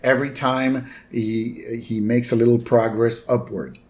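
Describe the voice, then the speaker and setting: Male podcast co-host, mid-pitched voice, relaxed recap with lots of fillers. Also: measured pace. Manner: retells scenes with quoted lines, fillers and "right?". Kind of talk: casual episode recap.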